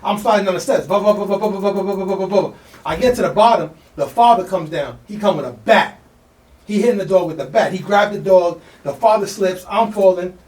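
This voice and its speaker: A man co-hosting a podcast, telling a story in a fast, slangy, animated way and acting out the voices of people in it. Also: high voice. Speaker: podcast co-host. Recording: echoey room, mic at a distance.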